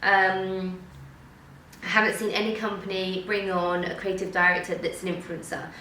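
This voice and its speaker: A woman's voice: mid-range voice, little pitch movement, normal speed, sharp tone. A woman hosting a casual chat, talking chattily with many fillers and frequent laughs. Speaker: host. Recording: roomy sound from some distance, faint background noise.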